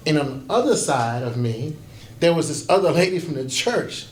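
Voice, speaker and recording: A man's voice: on the high side, animated, moderate pace. A pastor in his fifties giving a folksy conference workshop talk, telling stories and acting out quoted voices. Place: conference breakout room. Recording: echoey room with faint background noise.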